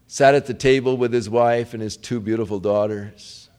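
A male preacher telling a story from the pulpit in a mid-pitched voice. He talks with heartfelt feeling, dropping low and quiet, then rising with emotion. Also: steady tone, moderate pace, clear, resonant tone. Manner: emotional, heartfelt storytelling with wide swings between hushed and raised. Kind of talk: storytelling sermon.

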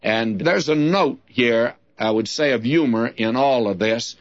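Slow older male Bible teacher. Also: mid-range voice. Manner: slow, deliberate, reads scripture then explains it. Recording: dull lo-fi sermon recording.

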